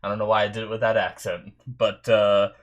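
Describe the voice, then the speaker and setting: Rambling low-voiced man recapping an anime. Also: little pitch movement, brisk. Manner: rambling, self-deprecating, loses his train of thought. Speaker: reaction channel host. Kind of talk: casual anime recap chat.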